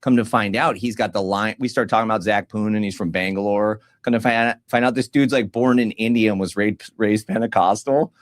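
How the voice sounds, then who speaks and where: With a low voice and a fairly quick pace that barely pauses, a podcast co-host spins a story in casual, slangy conversation. He's an animated teller who acts out what other people said.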